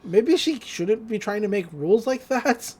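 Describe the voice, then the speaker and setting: A woman co-hosting a podcast, retelling a cartoon episode in a chatty, wry way. She laughs often, and her pitch moves around a lot as she tells it. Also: animated, unhurried, a little mellow, slightly rough. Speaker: podcast co-host. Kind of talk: casual episode recap.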